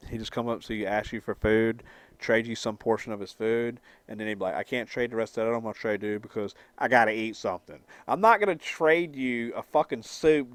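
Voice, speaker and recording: A man's voice: medium pitch, dry recording. A young man rambling and stammering as he answers chat on a live stream, swearing freely and laughing at his own jokes. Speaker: livestreamer reading chat.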